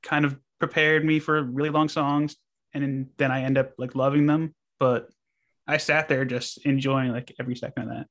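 A man co-hosting a music podcast in easygoing casual chat. His pitch stays level and flat. He often chimes in with short agreeing replies. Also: normal speed. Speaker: podcast co-host.

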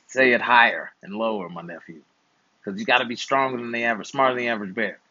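A man's voice: mid-range voice, bright, forceful tone, lo-fi sound. A man in his twenties, an uncle hosting a channel, chatting casually and playfully with slangy, teasing advice. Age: 20s. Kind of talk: casual chat while gaming.

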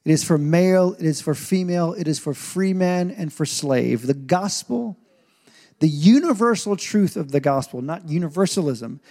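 A man who is a pastor, preaching a sermon in an animated way with asides and rising intensity. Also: high voice. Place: church stage.

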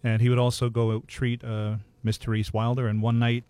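A man telling local ghost stories in a relaxed, measured way, matter-of-fact about the details. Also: medium pitch, dry recording. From Hawaii. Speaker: ghost storyteller guest. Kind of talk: casual ghost storytelling.

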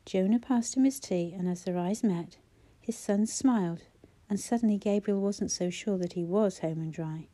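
Audiobook narrator: woman, mellow tone, measured and gentle delivery. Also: mid-range voice. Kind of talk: scripted narration.

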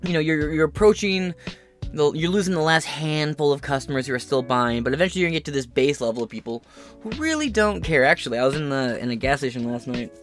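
A man's voice: a little high, lively intonation, quick pace, faint music behind. A man hosting a podcast, giving sarcastic, profane and rambling commentary on the news. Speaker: podcast host.

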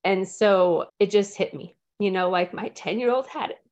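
A woman's voice: mid-range voice, moderate pace, a little mellow. Mom in her 40s sharing from the heart on a group call, earnest, kinda choked up. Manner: earnest, emotional, near tears.

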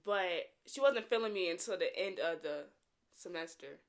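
A woman's voice: lowish voice, expressive, moderate pace. Giggly teen girl telling a story. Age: late teens. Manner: chatty storyteller, laughs often, acts out quotes. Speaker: co-host telling her dating story. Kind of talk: casual chat.

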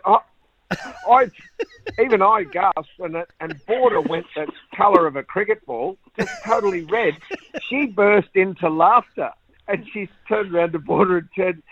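An older Australian man, a former cricketer, telling lively anecdotes and laughing at his own stories. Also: high-pitched, normal speed. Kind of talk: anecdotal storytelling. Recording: tinny phone-like line, dry.

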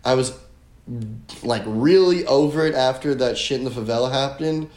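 A young man guesting on a podcast tells a story in casual chat, rambling with lots of filler words and swearing. His mid-range voice is a little mellow at a moderate pace, and the recording has a roomy echo.

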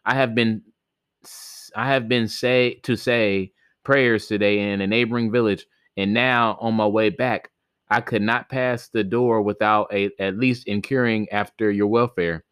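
A man's voice: fairly low pitch, fairly even intonation, a little slow, a bit bright, smooth, no echo, clean studio sound. A man voicing an elderly village priest who speaks in a formal, courteous, old-fashioned way in a spoken folk tale.

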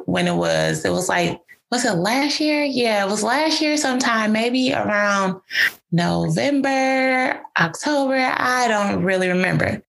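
In a fairly high, slightly bright voice with vocal fry, a woman guest tells a personal story about an answered prayer. She's casual and emotional, rambling along and saying "like" a lot.

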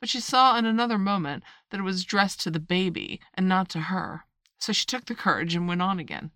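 A woman narrating a children's classic in an even, measured audiobook reading. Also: medium pitch, no room sound, clean studio sound.

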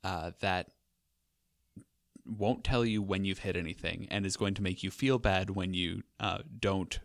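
A man's voice: deep voice, fairly even intonation, unhurried, creaky, dry recording, clean studio sound. A young man hosting a podcast, talking casually in a rambling, wry way with lots of fillers. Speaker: podcast host. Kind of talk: casual conversational chat.

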